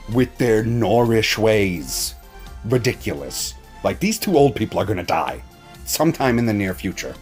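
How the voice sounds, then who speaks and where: A man's voice: lowish voice, darkish tone. A man giving a casual, profane and mocking recap of a TV episode as a reaction reviewer.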